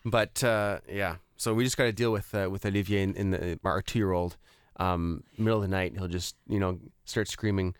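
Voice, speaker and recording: A man's voice: low-pitched, fairly even intonation, normal speed, hardly any pauses, clean tone, no echo, studio quality. A man, hosting a real estate talk show in a chatty way, with many fillers and restarts. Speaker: radio show host. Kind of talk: casual chat.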